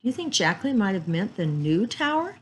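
A woman's voice: medium pitch, moderate pace, slight background noise, natural voice. A woman reading as an eager teenage boy. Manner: eager and excited.

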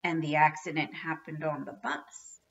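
A woman voicing a young brother who speaks slowly and carefully in a read-aloud story. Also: deep voice, little pitch movement, lo-fi sound. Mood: worried. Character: worried older brother, a boy.

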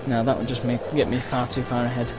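With a flat delivery and quick pace, a man at a middle pitch chats over his racing game, rambling between thoughts with lots of uhs and playful cheers. Loud game music and engine noise run beneath this casual let's-play commentary.

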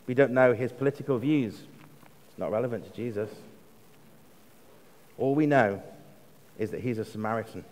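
An English man delivers a sermon in an ordinary mid-pitched voice, measured and deliberate. He slows right down for emphasis and softens to almost a hush when quoting. The long reverb of a church hall trails after every phrase. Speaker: preacher.

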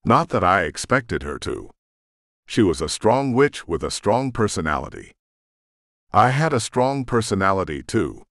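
Deep male audiobook narrator, expressive first-person reading, dry close-miked sound. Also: a little slow, no echo.

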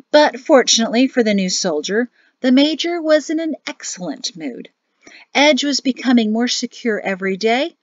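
A woman narrating an audiobook in a lively, expressive storytelling manner. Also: fairly high pitch, no echo. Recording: dry, slightly muffled audio.

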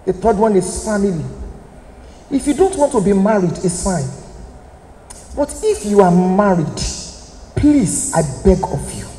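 Lively Nigerian woman in echoey hall. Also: medium pitch, unhurried, pauses often. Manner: emphatic, preacherly, direct appeals to listeners. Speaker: motivational speaker. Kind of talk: motivational talk to an audience. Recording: echoey hall, faint room noise.

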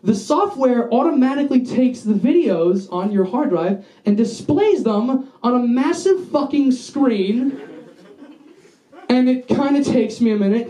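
A man's voice: very high voice, mellow, echoey room, rough recording. A young man doing a stand-up set in a small basement venue, telling a rambling, profane story and throwing in asides to the crowd. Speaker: stand-up comedian.

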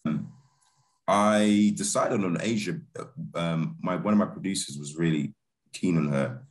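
A man's voice: deep voice, unhurried. A man, a film director talking casually as an interview guest, laid-back and laughing easily, with many restarts and fillers. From Britain.

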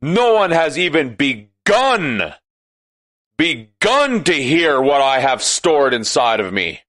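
A man delivering an impassioned, sarcastic monologue that at times rises to shouting. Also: on the high side, big pitch swings, slow pace, no echo.

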